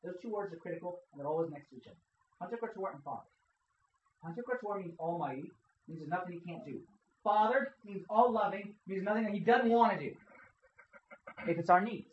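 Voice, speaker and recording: A man's voice: high voice, brisk, pauses often, dull audio, a little hiss or hum. A man preaching a casual sermon to young people in a church hall, asking the audience questions and checking in with "okay?". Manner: conversational, quizzes the audience, keeps saying "okay?". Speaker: youth preacher.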